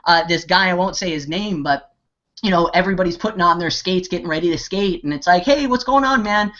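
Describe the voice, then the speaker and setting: A man's voice: high voice, fairly even intonation, quick pace, sharp tone. A man delivering a motivational pep talk over a video call, his words tumbling out between constant "you know"s, false starts and bursts of passion. The call audio sounds dull and lo-fi. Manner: rambling, heavy on 'you know' and fillers, restarts; impassioned and pep-talking. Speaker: network marketing team leader. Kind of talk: motivational talk on an online hangout.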